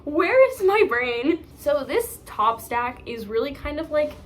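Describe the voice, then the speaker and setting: A young woman talks through her book stack in a chatty, rambling way, laughing at her own slips. Her voice sits a little high, with a faint hiss of noise behind it. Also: very animated, a little slow. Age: young adult. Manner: chatty, rambling, self-mocking, many fillers. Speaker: book vlogger. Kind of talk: casual chat.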